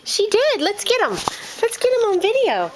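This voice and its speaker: A mother filming her baby at home, talking in excited baby talk and counting out steps. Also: very high voice, normal speed. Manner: excited, sing-song, counts the baby's steps aloud.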